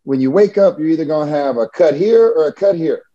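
A man's voice: fairly high pitch, fairly quick, dark tone, muffled recording, pitched above the performer's own voice, lightly acted. A man quoting a friendly, upbeat male doctor in a raised, eager voice while telling a story.

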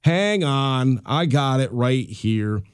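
A man's voice: medium pitch, animated, takes it slowly, clear, resonant tone, no room sound, studio quality. Rambling man hosting a solo podcast. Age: middle-aged. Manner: rambling, chatty, self-deprecating. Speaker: podcast host. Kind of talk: casual solo podcast monologue.

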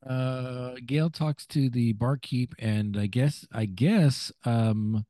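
A man casually recapping scenes of a TV episode on a podcast, halting and searching for words as he goes. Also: medium pitch, mellow, dry recording. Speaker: podcast co-host.

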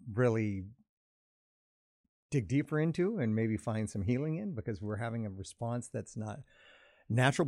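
A man talking calmly in a casual conversation, explaining his ideas at length in a reflective way. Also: medium pitch, no echo, clean studio sound. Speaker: podcast co-host.

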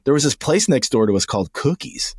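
A young man co-hosting a casual podcast, his pitch jumping around as he tells animated stories. His speech is loose and sprinkled with swearing and "dude." The sound is dry and close. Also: fairly quick, husky, dry recording. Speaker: podcast co-host. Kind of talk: casual chat.

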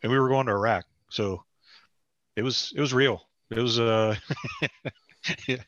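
A man's voice: mid-range voice, fairly even intonation, measured pace, fairly bright tone, dull audio. A middle-aged man as a guest in a casual conversation, rambling and wry, restarting his sentences often.

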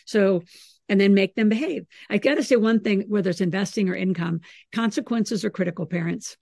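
A middle-aged woman with a gravelly edge to her voice talks in a casual, animated podcast chat. She tells stories with energy and acts out her family's lines. The sound is close and dry, with no room around it. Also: mid-range voice, a little fast, no echo. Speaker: podcast host.

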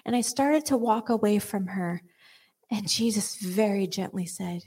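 A woman's voice: mid-range voice, a little slow, darkish tone, slightly rough. A woman giving earnest Christian teaching with a personal story, often dropping to a whisper and restarting her sentences. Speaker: Christian speaker.

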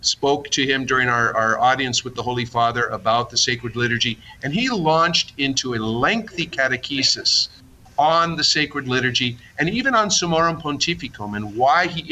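Archbishop talking on radio, really bright tone, bit of noise behind, halting and reflective. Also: male voice, mid-range voice, low-quality recording. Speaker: archbishop, guest. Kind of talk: conversational radio interview.

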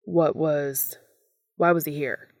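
A gruff young male hunter grumbles short, curt questions in a low voice, as a woman reading a story does him. His voice has a gravelly texture and an uneasy edge. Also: steady tone, takes it slowly, darkish tone, full character voice. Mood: gruff, unsettled.

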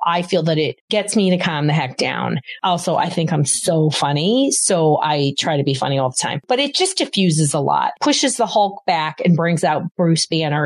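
A woman's voice: fairly low pitch, no echo. A middle-aged woman hosting a parenting podcast, giving casual advice with emphatic enthusiasm and repeating words for stress.

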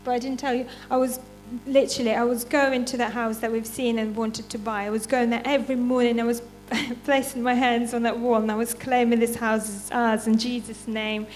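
A woman's voice: on the high side, flat delivery, a little fast, few pauses, slight background noise. A woman giving an informal church testimony and reading scripture, chatty and unpolished, often breaking into laughs.

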